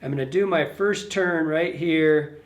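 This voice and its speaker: A man's voice: a little high, a little slow, echoey room. Rambling man teaching fly tying. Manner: rambling, self-correcting, talks to the fly as he works. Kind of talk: casual hands-on tutorial. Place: fly shop tying bench.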